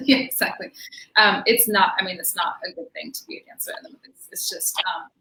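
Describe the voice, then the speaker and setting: A woman's voice: medium pitch, fairly quick, sharp tone. Chatty woman in an echoey room. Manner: chatty, many fillers, laughs often. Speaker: interview guest, belly dancer. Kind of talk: casual interview chat. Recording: echoey room with faint noise.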